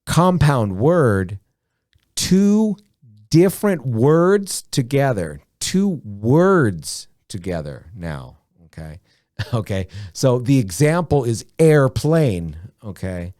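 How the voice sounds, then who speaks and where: A man teaching a beginner English lesson, speaking slowly and deliberately, repeating words and often saying "okay". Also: medium pitch, big pitch swings, a little mellow, no room sound, studio quality. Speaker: ESL teacher.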